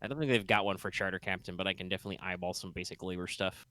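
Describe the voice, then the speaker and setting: A man acting as game master for a tabletop game narrates loosely and very fast, his low voice steady in tone yet pushed and bright. He rambles with plenty of fillers and restarts, and the recording is dry.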